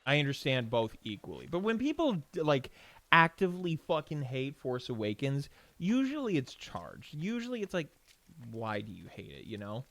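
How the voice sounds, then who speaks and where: With no echo on the audio, a young home streamer sounds very animated, his voice a little high and a bit bright, moving at a moderate pace. His casual gaming chat rambles between moments of play, heavy on swearing, "like," and restarts.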